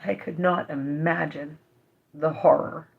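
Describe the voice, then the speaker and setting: A woman's voice: low-pitched, fairly even intonation, a little slow, vocal fry, phone-quality sound. A woman vlogger talking straight to her viewers, earnest and impassioned, emotional and holding back tears. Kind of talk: direct-to-camera vlog update.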